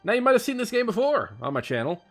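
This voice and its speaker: A young man hosting a let's play, chatting excitably and reading game text aloud over faint music. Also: very high-pitched, fast talker. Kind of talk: casual gameplay commentary.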